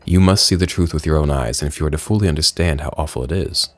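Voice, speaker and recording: A man reading out a video game's dialogue in a put-on deep voice, playing a solemn former member of a villain group. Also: quick pace, no room sound, soft background music. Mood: ominous. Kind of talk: reading game dialogue aloud.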